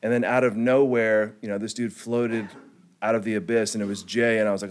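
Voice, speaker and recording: A man's voice: on the low side, fairly even intonation, brisk, background noise. A young man from California sharing his recovery story with a group, in laid-back slangy talk full of "like" and chuckles. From California, United States. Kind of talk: personal testimony to a group.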